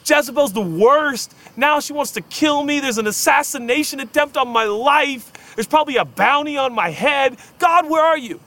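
A man's voice: extremely high pitch, animated, normal speed, hardly any pauses, pushed and bright, voice pushed up, full character voice. A man voicing a desperate, lonely male prophet who cries out in frantic, pleading outbursts.

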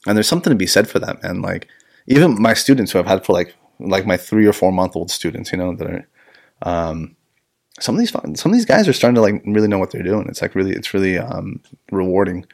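A man's voice: low voice, lively intonation, quick pace, creaky, a little mellow. A man hosting a casual podcast chat as a jiu-jitsu instructor, rambling, swearing and laughing often.

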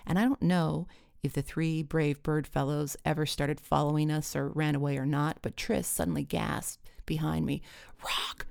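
A woman telling a comic personal story with wry, deadpan timing. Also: deep voice, gravelly, no echo, studio quality.

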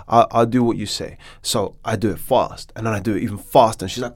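A middle-aged man, an actor, telling a story in a podcast interview with animated restarts. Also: fairly low pitch, a little fast, hardly any pauses. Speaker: actor guest.

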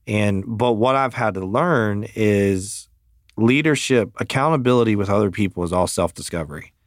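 Blunt, low-voiced male podcast host. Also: no echo, studio quality. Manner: blunt and profane, emphatic storytelling. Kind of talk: casual chat.

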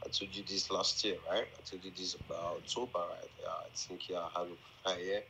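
A man speaking on a phone call, halting and repetitive but insistent. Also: low voice, flat delivery, gravelly, pushed and bright, slight background noise. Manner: halting, repeats himself, insistent. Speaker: caller on the phone. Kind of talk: phone conversation.

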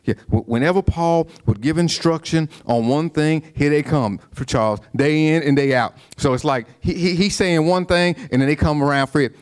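A man's voice: fairly high pitch, expressive, normal speed, hardly any pauses. A man preaching a sermon, conversational, with repeated restarts and call-and-response asides to the congregation. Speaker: pastor.

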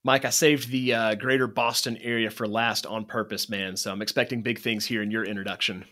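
A man's voice: fairly low pitch, level tone, fairly quick, sharp tone. A man hosting a podcast interview, friendly and lightly joking with his guests. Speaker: podcast host.

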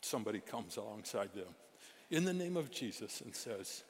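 Middle-aged male preacher, deep voice, animated storytelling that jumps from loud to hushed, church hall with long reverb. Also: normal speed. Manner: animated, swings from loud exclamations to hushed asides. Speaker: pastor. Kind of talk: storytelling sermon. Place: church sanctuary.

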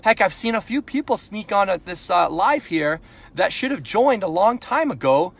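A man's voice: high voice, lively intonation, normal speed, vocal fry, a bit bright. Blunt, punchy Canadian man coaching sales. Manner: blunt, punchy, rhetorical questions; pushes into frustrated intensity. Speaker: sales coach and podcast host. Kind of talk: live sales coaching talk.

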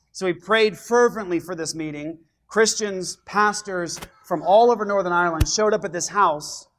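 A middle-aged male pastor telling his congregation a story in a sermon, animated and getting louder when excited. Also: sits high.

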